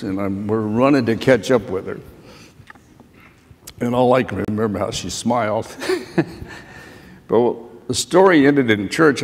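Gravelly older man spinning folksy yarns. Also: fairly low pitch. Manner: folksy, rambling anecdotes with frequent fillers. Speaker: panelist, Medal of Honor recipient. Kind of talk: storytelling to students. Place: auditorium panel. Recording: echoey hall sound.

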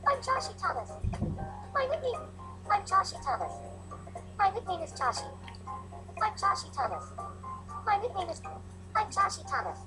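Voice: very high voice, bright, forceful tone, heavily acted, low-quality recording. A text-to-speech voice from a game speaking as a chirpy synthetic character, robotic and sing-song.

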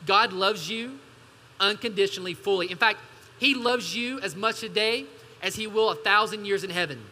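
A man's voice: high-pitched, normal speed, bright, forceful tone, a little hiss or hum. A male pastor, preaching a sermon with emphatic call-and-response asides to his congregation. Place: church hall. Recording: church hall reverb.

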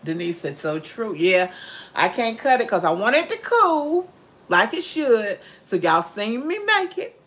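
A woman's voice: fairly high pitch, sing-song, unhurried, fairly bright tone. An older woman chatting casually on her cooking livestream, heartfelt and reading out viewer comments. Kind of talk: casual chat.

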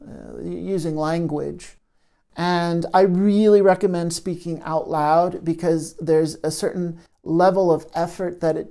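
A soft-spoken trauma therapist, a man with a slightly high voice, gently delivers a self-help talk to camera. He speaks into a studio microphone and pauses often.

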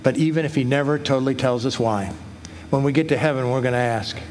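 A man's voice: mid-range voice, fast, darkish tone, a little hiss or hum. A middle-aged man preaching a sermon as pastor, earnest, reading scripture aloud with rising emphasis. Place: church hall.

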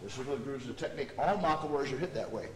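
This man has a mid-range voice with lively intonation and speaks at a racing clip. He's teaching a martial arts seminar, coaching students as he demonstrates technique. A distant camera mic caught him in the training hall, so the sound is echoey and noisy.

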